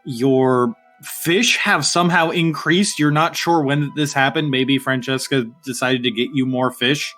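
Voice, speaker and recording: A man narrating a tabletop game as game master, relaxed and full of fillers. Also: mid-range voice, unhurried, faint music behind.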